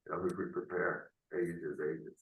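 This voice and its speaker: Over a video call, a low-voiced man tutors math with flat delivery at normal speed, reasoning aloud in a relaxed, unscripted way and frequently ending lines with tag questions. He's captured off-mic in a roomy space.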